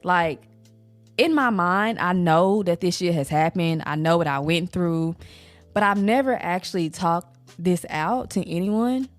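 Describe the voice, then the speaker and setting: A woman with a lowish voice talks straight to her viewers, candid and unpolished. She's a mother sharing her own experience in a loose, rambling way, full of "like" and restarts. Faint music sits quietly underneath. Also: measured pace, dry recording. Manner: casual, rambling, frequent "like" fillers. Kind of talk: candid personal talk to camera.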